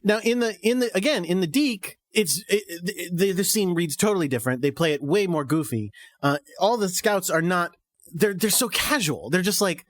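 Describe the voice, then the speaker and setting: A man's voice: high voice, animated, normal speed, dry recording, studio quality. Giggly man on a fan podcast. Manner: laughs often, acts out characters' lines. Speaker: podcast co-host. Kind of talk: casual fan chat.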